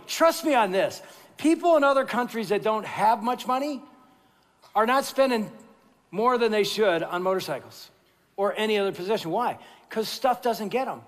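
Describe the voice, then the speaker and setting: A man preaching a sermon as pastor, telling stories in an animated, jokey way and then turning quiet and earnest. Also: high voice. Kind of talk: sermon with storytelling. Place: large church sanctuary. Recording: long reverb of a large church hall.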